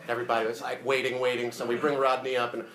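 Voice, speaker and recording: A man giving a casual, profane, animated eulogy full of stories at a memorial. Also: mid-range voice, rapid-fire. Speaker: eulogy speaker. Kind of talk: funeral eulogy storytelling. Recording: echoey room.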